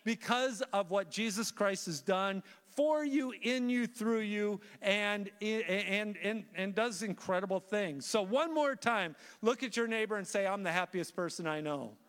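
Male preacher, high-pitched, animated storyteller full of restarts, in a reverberant church sanctuary. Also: measured pace, hardly any pauses. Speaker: guest preacher. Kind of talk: sermon.

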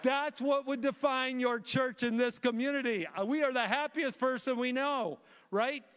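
A man with a high voice preaches to his congregation, telling a story in an animated way with frequent restarts. His words ring out through a reverberant church sanctuary. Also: normal speed, clean tone. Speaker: guest preacher. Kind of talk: sermon.

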